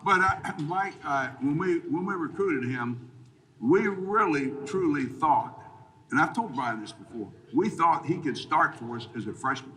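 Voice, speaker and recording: A man's voice: fairly high pitch, expressive, a little slow, pushed and bright, low-quality recording. An older man, a retired football coach, talking bluntly and jokily in a folksy way and rambling through old dates. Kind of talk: casual interview chat.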